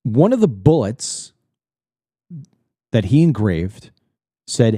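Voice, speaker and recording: A man's voice: mid-range voice, sing-song, slow, long pauses, mellow, husky, no room sound, studio quality. A middle-aged man from the United States hosting his own political commentary show, delivering a blunt, indignant monologue to camera and repeating words when he gets worked up.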